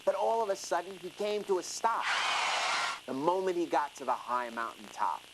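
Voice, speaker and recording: A storyteller reading a rhyming children's story in an expressive, sing-song way. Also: medium pitch, moderate pace, heavy background noise. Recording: music playing under the reading.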